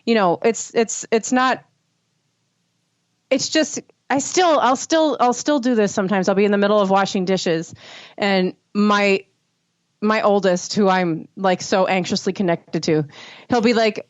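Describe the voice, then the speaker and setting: A woman co-hosting a podcast in casual chat, talking with frequent restarts and lively quoting. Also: medium pitch, moderate pace, dry recording, dull audio. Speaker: podcast co-host.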